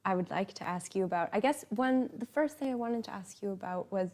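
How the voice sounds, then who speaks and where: Mellow-voiced woman interviewing an author. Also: medium pitch, expressive, a little fast. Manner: chatty, with fillers. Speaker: event interviewer. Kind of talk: conversational interview. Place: bookshop event.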